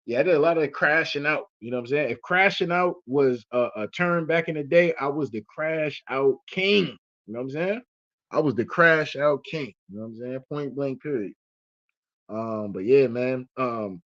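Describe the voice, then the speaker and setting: A man hosting casual commentary, telling a story in a profane, rambling way full of fillers. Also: medium pitch. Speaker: host. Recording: muffled lo-fi audio.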